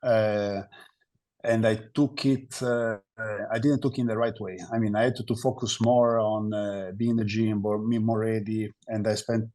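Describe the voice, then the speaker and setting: A man with an Italian accent, speaking English as a second language as a guest on a podcast. His voice sits a little low, and he talks in halting phrases, filling gaps with "uh" and "um" while he reaches for the right word. His answers are thoughtful and reflective. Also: flat delivery, a little mellow. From Italy. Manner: halting, searching for words with many fillers. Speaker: guest, basketball player.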